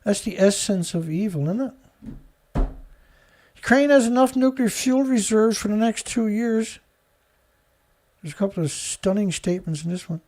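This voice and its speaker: A man's voice: high-pitched, normal speed, long pauses, a little mellow. Sarcastic indignant man hosting commentary. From Canada. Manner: sarcastic, indignant, breaks into laughter. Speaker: host of a news commentary show. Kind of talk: casual solo commentary reading news stories. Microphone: studio mic.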